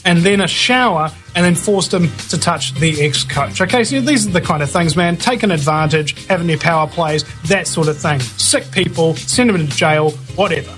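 A man's voice: a little high, moderate pace, hardly any pauses, music in the background. A man hosting a talk radio show, reading the news with blunt slangy asides and many fillers and restarts.

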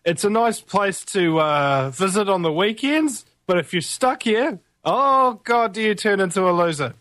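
A young New Zealand man talks in a blunt, sardonic tone with casual swearing. His voice sits somewhat high, and the recording is dry and close. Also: animated, unhurried, a bit bright, no echo. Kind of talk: casual chat.

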